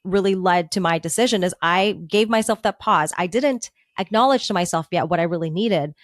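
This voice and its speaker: A woman's voice: lowish voice, brisk, dry recording, studio quality. Earnest woman coach telling her story. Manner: earnest, reflective storytelling with frequent "like". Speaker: career transition coach. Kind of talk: casual podcast interview.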